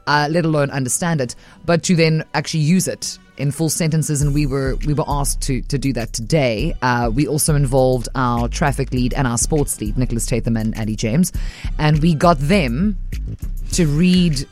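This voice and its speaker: Chatty rambling radio co-host. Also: female voice, extremely low pitch, normal speed, darkish tone, faint music behind. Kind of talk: casual radio banter. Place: radio studio.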